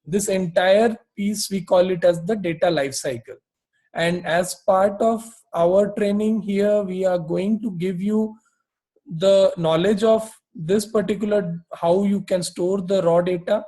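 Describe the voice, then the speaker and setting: A man's voice: sits high, steady tone, a little slow, mellow, rough recording. A male instructor giving a recorded technical lecture, explaining step by step with frequent fillers and restarts.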